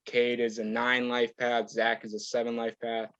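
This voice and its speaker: A young man in his twenties talks as a podcast guest, easygoing and meandering. His voice sits at a middle pitch. The sound is dry and a little dull. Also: monotone, normal speed, fairly bright tone, smooth, dry recording. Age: 20s. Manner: laid-back, rambling, laughs often. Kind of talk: casual chat.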